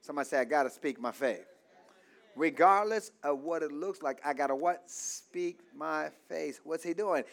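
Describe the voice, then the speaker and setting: High-voiced preacher, call-and-response. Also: male voice, gravelly. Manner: asks the congregation to fill in words, repeats lines. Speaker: pastor.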